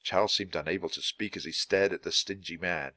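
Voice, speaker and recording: A man reading a children's storybook aloud for English learners, narrating clearly and expressively. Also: deep voice, fairly quick, bright, forceful tone, no room sound. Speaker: storybook reader.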